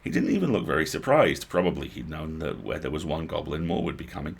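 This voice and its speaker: Deep gravelly guy reading a book on stream, husky, lots of expression. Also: very animated, fast. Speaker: host reading a book aloud. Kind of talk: livestream storybook reading.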